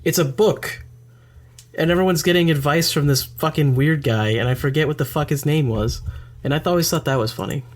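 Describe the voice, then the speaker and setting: A man's voice: a little high, a little fast. A man co-hosting a podcast in casual chat, making dry jokes and swearing casually. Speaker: podcast co-host.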